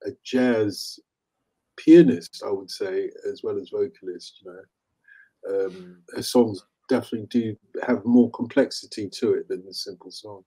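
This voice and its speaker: A man's voice: on the low side, measured pace, warm tone, husky, low-quality recording. A man in his sixties co-hosting a casual, opinionated chat about old chart songs, laughing easily. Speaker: radio co-host.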